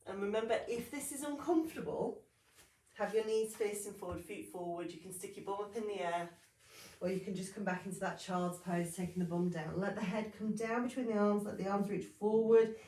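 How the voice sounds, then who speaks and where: A woman leading a Pilates class in calm, steady cues, a little sniffly with hay fever. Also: medium pitch, brisk. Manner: calm, steady cueing with brief apologies for sniffles and yawns. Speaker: Pilates instructor. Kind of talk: guided exercise class instruction. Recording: roomy sound, mic at a distance.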